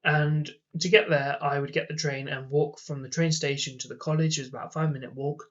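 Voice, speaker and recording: A man's voice: on the high side, steady tone, fairly quick. Exasperated young man, lo-fi. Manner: rambling and exasperated, many "like"s. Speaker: vlogger. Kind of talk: casual storytelling vlog. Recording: dull lo-fi sound.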